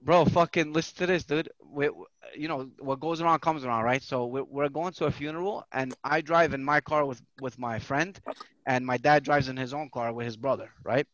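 A man's voice: medium pitch, a little fast, dull audio. A man in his thirties hosting a casual chat, telling profane stories and acting out what other people said. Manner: profane storytelling, animated quoting of others. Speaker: podcast host.

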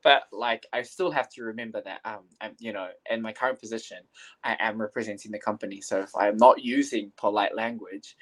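A man's voice: on the low side, steady tone, fairly quick, a bit bright, rough recording. A young man from New Zealand, a guest teacher talking casually in an interview, hesitant with many fillers and restarts.

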